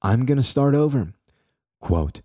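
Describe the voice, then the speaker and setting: A man's voice: medium pitch, expressive, unhurried, warm tone, no echo, studio quality. A young man hosting his own podcast, rambling casually with jokey, self-deprecating asides to his listeners. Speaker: podcast host. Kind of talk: casual solo podcast monologue.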